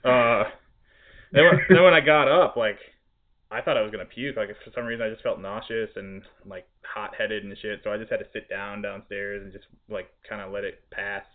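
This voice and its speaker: A man's voice: on the low side, moderate pace. A man, a podcast host and restaurant cook, telling a story in casual chat, laughing and swearing in exasperation. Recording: tinny phone-like audio.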